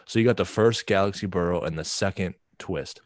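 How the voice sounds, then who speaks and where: A man's voice: deep voice, brisk, dry recording, studio quality. A man co-hosting a casual livestream, talking in a laid-back, rambling way and often repeating words. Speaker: livestream co-host and wood craftsman. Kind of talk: casual stoner chat.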